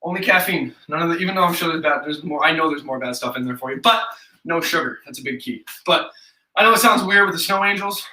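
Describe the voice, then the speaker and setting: Young upstate New York man, fitness instructor, high bright voice, echoey room, mic set back. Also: fast talker, far from the mic. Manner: casual, chatty, counts reps aloud. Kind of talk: live follow-along workout instruction.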